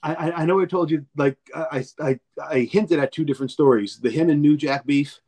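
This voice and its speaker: A podcast guest with a fairly high, darkish voice talks briskly. He rambles through stories in casual chat, swearing freely and repeating words as he acts out each scene.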